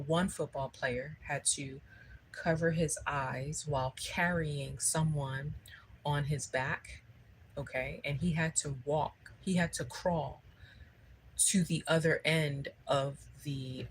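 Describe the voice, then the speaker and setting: Woman, low and unhurried, conversational spiritual livestream speaker. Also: fairly even intonation, slight background noise, poor audio. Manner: conversational storytelling, keeps checking in with "okay?".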